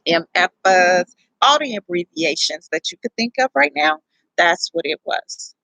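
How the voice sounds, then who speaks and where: A young woman tells a personal story in a casual, rambling way, full of profanity and self-corrections. Her voice is gravelly and a little husky, recorded close and dry with no room sound. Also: fairly low pitch, animated, a little slow, sharp tone, no echo, low-quality recording. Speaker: vlogger telling her birth story.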